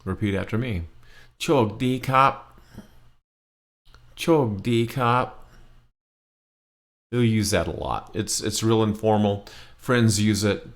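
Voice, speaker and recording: A man teaching a beginner language lesson, explaining patiently and drawing out example phrases slowly. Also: fairly low pitch. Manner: slow, patient explaining with drawn-out demonstration phrases.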